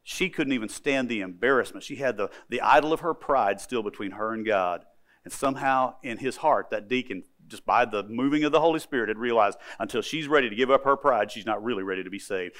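A man's voice: mid-range voice, fast, fairly bright tone. A man preaching a sermon, telling a story with emphasis and often repeating words.

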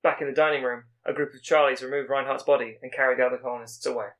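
Fast-talking man summarizing a plot. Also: medium pitch, fairly even intonation, a bit bright. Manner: brisk summarizing with small stumbles and restarts. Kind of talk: plot recap narration.

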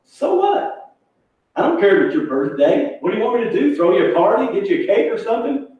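Brief: sharp-tongued diner woman, mocking and shrill, put on by a male preacher, echoey hall, distant mic. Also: big pitch swings, fairly quick, phone-quality sound. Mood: scornful.

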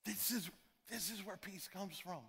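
A man's voice: sits high, normal speed, gravelly, a bit bright. A male pastor preaching a sermon in a church, emphatic and repetitive, full of rhetorical questions. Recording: long reverb of a large hall.

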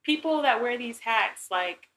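A woman's voice: fairly high pitch, animated, a little slow, a bit bright, low-quality recording. Blunt young woman, exasperated chat. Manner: blunt, exasperated, heavy filler use. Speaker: co-host. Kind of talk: casual chat.

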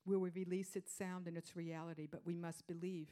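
A woman preaching a sermon, repeating her phrases for emphasis and dropping into hushed whispers before rising to loud declarations. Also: fairly low pitch, flat delivery, fairly quick, smooth.

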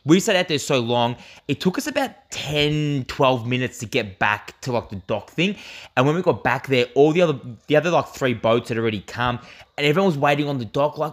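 A man's voice: a little high, lively intonation, brisk. A young Australian man co-hosting a podcast in casual chat, rambling through a story with lots of fillers and swearing. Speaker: podcast co-host.

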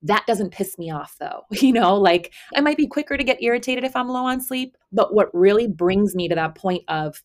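A woman's voice: mid-range voice, expressive, normal speed, few pauses. A woman in her thirties co-hosting a parenting podcast, speaking in an earnest, reflective way. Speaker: podcast co-host. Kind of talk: casual chat.

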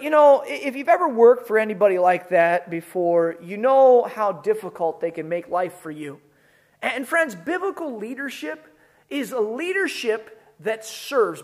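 Pastor, sermon, emphatic, conversational, earnest. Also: medium pitch.

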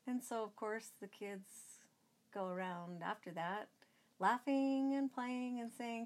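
Middle-aged woman guest; unhurried, rambling storyteller. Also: on the high side. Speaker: guest, mother telling a family story.

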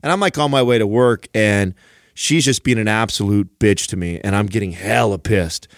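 Man, podcast co-host, low voice, lively storyteller who curses a lot, dry close mic. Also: normal speed, no room sound. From San Jose area, California. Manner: animated storyteller, swears freely. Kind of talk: casual storytelling chat.

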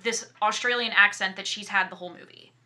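A woman co-hosting a podcast, chatting casually about a movie in an animated, emphatic way. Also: mid-range voice, brisk. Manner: animated, emphatic, restarts often, mimics lines. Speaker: podcast co-host. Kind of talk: casual movie review chat.

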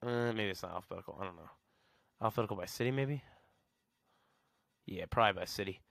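A man's voice: on the low side, quick pace, vocal fry, a bit bright, no echo, clean studio sound. A man hosting a podcast, rambling sarcastically in a casual solo rant and chuckling at his own jokes. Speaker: podcast host.

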